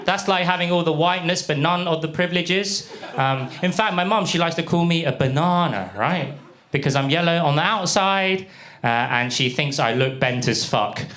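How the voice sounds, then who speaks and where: British male stand-up, young, deadpan delivery, a touch high, live club audience laughing. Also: normal speed, crowd noise. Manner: deadpan punchlines with put-on voices for characters. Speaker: stand-up comedian. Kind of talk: stand-up comedy set.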